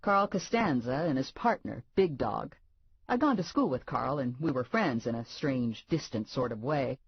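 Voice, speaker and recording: A woman narrating a first-person audiobook in a wry, deadpan way. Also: a bass voice, moderate pace, breathy edge, no room sound, muffled recording.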